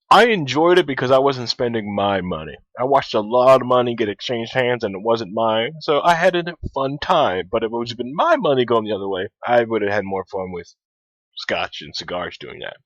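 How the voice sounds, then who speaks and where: A man's voice: mid-range voice, dry recording. A man hosting a casual podcast, laid-back and wry as he reads out chat messages. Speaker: podcast host. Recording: dull, dry lo-fi sound.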